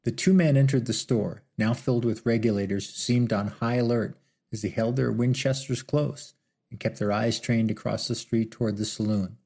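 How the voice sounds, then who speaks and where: A man narrating a western audiobook in a steady storytelling manner. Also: mid-range voice, normal speed, vocal fry, breathy edge.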